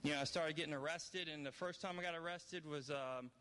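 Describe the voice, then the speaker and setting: A man's voice: a little high, a little fast, fairly bright tone. A middle-aged man from New Orleans telling his recovery story to an audience, candid and rambling with self-deprecating humor. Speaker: recovery speaker. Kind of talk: personal testimony to an audience.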